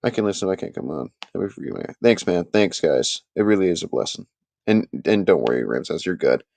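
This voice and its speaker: A man hosting a casual live sports talk stream, chatting with his viewers and making animated, emphatic points. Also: low-pitched, brisk, vocal fry, dry recording.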